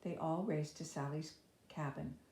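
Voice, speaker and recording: A woman's voice: steady tone, measured pace, warm tone. A woman reading a children's chapter book aloud, lifting her voice for the characters' lines. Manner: voices each child's lines with raised pitch and energy. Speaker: storybook reader. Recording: echoey room.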